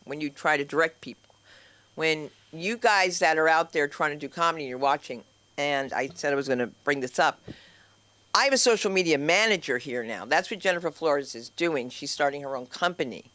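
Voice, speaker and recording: A woman's voice: low-pitched, fairly quick, a bit bright. A woman hosting an open mic at a small comedy club and teaching comedy, telling blunt, swearing stand-up anecdotes on a handheld mic. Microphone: handheld stage mic.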